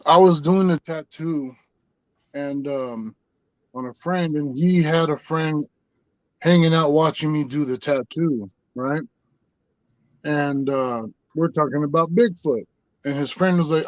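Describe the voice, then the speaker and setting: A middle-aged man telling a long story in a relaxed, rambling way, as a guest on a podcast. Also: a little high, unhurried, no room sound, lo-fi sound. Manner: rambling, laid-back storyteller. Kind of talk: casual storytelling.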